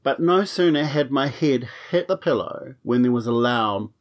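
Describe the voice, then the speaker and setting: A man's voice: mid-range voice, animated, normal speed. A man telling a comic personal story on his podcast, frank and wry, swearing freely.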